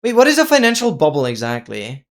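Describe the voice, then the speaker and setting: A game streamer chatting casually during a live gameplay stream, excitable, exclaiming often and thanking viewers. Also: mid-range voice, fast talker.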